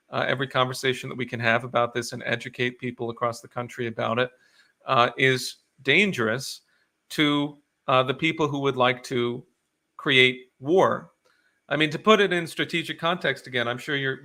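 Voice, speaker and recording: A man answering interview questions with urgent conviction. His voice is bright and forward, and he rises in pitch and force when he presses a point. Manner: earnest, urgent advocacy with frequent fillers. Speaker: guest.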